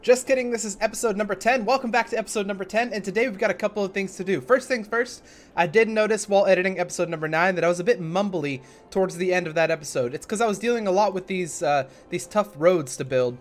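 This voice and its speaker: A man's voice: high-pitched, fast talker. A young man hosting a casual let's play, talking in a chatty, rambling way and often correcting himself. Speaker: gaming channel host.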